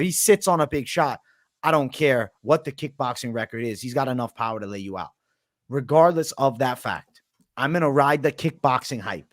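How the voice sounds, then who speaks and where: A man's voice: medium pitch, no room sound, clean studio sound. A man co-hosting a casual sports betting chat, blunt and emphatic, swearing now and then. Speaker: co-host of a fight betting show.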